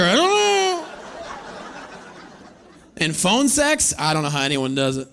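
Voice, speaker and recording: A man in his thirties doing a stand-up comedy set on stage, telling stories with animated delivery and acting out other people's voices. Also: fairly high pitch, unhurried, creaky, pauses often, slight background noise. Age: 30s. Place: comedy stage before a live audience.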